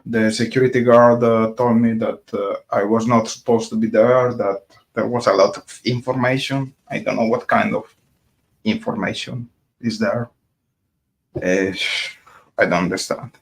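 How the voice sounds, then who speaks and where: A man from Colombia, narrating a casual vlog in English and pausing often between words. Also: on the low side, fairly even intonation, vocal fry. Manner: hesitant, many filler pauses. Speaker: vlogger.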